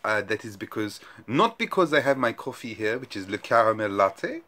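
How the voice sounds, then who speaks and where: A man hosting a casual review video in an exaggerated put-on French accent, halting with frequent fillers. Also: on the low side, very animated, sharp tone, a little hiss or hum. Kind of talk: casual vlog intro.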